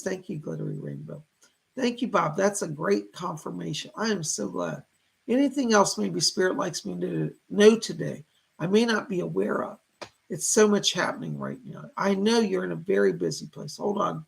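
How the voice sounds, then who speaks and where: A man hosting a live psychic reading stream, thanking viewers and passing on messages from spirits in a chatty, animated way. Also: high voice, vocal fry, husky. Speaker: psychic medium host.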